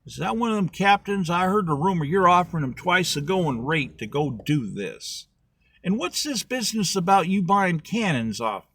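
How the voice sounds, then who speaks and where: A man's voice: very high voice, wildly swooping pitch, a little fast, hardly any pauses, husky, voice pushed up, full character voice. A man voicing a suspicious, baffled male colonial townsman who fires off incredulous questions.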